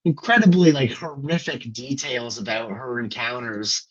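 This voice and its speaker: A man's voice: medium pitch, moderate pace, crowd noise. A man co-hosting a podcast, talking loosely and hesitantly about a film and searching for his words. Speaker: podcast co-host. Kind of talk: casual film discussion. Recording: slightly dull lo-fi audio.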